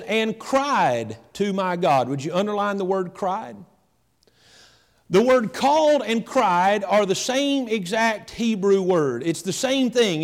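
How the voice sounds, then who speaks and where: A male pastor preaching a sermon with rising emphasis, slowing into drawn-out phrases, in a church sanctuary. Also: sits high. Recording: long hall reverb.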